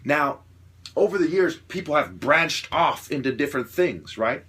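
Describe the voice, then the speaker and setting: Husky, bright-voiced man lecturing hard. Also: animated, a little slow. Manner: lecturing, repetitive rhetorical questions, swears; grows louder and higher when worked up. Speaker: self-styled martial artist ranting to camera. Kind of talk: opinionated monologue.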